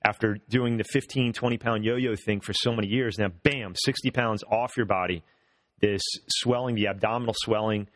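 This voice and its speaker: A man's voice: fairly low pitch, steady tone, moderate pace, a bit bright, dry recording, clean studio sound. A man hosting a casual health interview, upbeat and encouraging, repeating words as he talks. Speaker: host.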